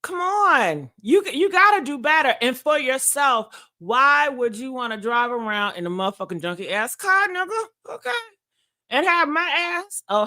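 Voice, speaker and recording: A woman's voice: a little high, bright, forceful tone. A woman hosting a podcast, telling dating stories in a sassy, frank, casual way, often calling listeners girl and honey and laughing. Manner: swears freely. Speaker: podcast host. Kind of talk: casual storytelling chat.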